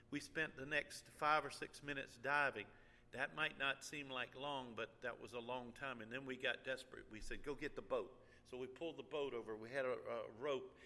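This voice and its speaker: An older man preaching a sermon as a pastor, telling a personal story with halting restarts and sudden high, loud bursts of feeling. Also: in a large hall. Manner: animated storyteller, jumps high and loud when angry or excited.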